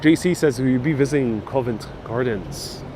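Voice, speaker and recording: A man's voice: mid-range voice, lively intonation, normal speed. A man guiding a live-streamed city bus tour, chatting casually and reading out viewer comments. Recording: faint street and traffic noise.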